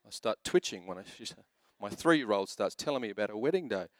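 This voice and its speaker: A male pastor in his thirties preaching a sermon, animated and joking as he tells family stories and urges the men on. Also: lowish voice, a little fast, no echo, clean studio sound. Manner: animated, joking storyteller who shifts into exhortation.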